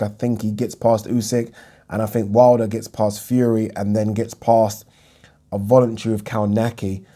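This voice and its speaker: Male host, deep warm voice, frank and chatty, lots of ums. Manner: frank, rambling, heavy on ums. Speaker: boxing YouTube host. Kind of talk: casual Q&A chat.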